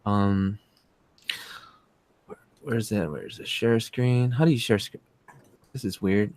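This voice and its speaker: A man co-hosting a casual livestream, telling stories in an excitable, rambling way with many fillers. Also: on the low side, slow. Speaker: streamer and co-host.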